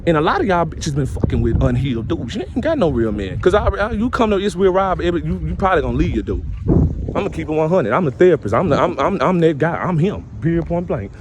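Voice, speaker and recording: A man's voice: on the high side, sing-song, quick pace, background noise. A man vlogging a casual rant to his viewers, repetitive and full of street slang.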